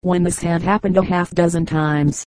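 A woman reading a collection of short humorous anecdotes aloud as scripted narration, with a steady, even delivery. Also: fairly low pitch, normal speed, no echo, low-quality recording. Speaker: audiobook reader.

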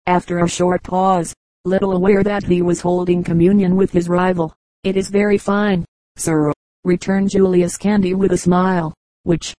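A woman narrates a classic novel in a measured, even reading. Her voice sits low and mellow, with a warm softness to it. The recording is dry and close, with no room sound around her. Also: no room sound, rough recording. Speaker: audiobook narrator.

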